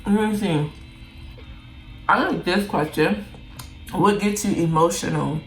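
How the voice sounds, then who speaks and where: This vlogger, a young adult woman from Jamaica, answers questions candidly over a meal in a casual chat filled with "like." She speaks slowly at a fairly low pitch, in a roomy space with faint background music.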